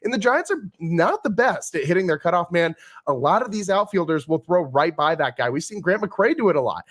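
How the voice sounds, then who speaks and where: A man's voice: high voice, animated, fairly quick, fairly bright tone. A man hosting a post-game sports podcast, talking in an exasperated, rambling way with frequent restarts. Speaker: podcast host.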